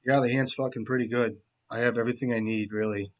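A man giving casual, profane commentary while he plays a card game, joking around and often trailing off into low mumbles. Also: steady tone, quick pace.

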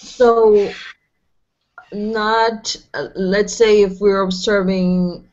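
A woman participant in a webinar, asking a halting question with many fillers. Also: mid-range voice, flat delivery, darkish tone, lo-fi sound, soft background music.

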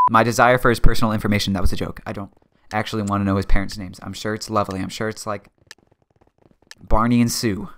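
A man's voice: on the low side, fairly even intonation, quick pace, background noise. Joking young man narrating his game.

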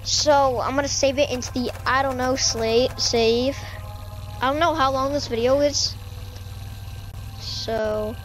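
A woman's voice: sits high, steady tone, slow, long pauses, soft background music, poor audio. A young woman giving casual let's-play commentary, rambling and stammering with many fillers into a desk mic. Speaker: gaming YouTuber. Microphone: desk microphone.

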